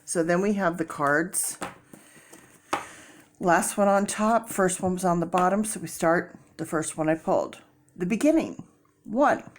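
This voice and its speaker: Lowish voiced lady doing a tarot reading, rambly and chatty, lots of ums. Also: unhurried, long pauses, a little hiss or hum. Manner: chatty, rambling, many fillers and restarts. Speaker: tarot reader.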